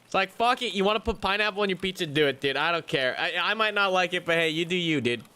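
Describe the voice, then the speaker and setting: Bright-voiced rambling streamer guy. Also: high voice, fast, clear, resonant tone. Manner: rambling, profane, animated rants with mocking impressions. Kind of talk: casual live-stream chat while gaming.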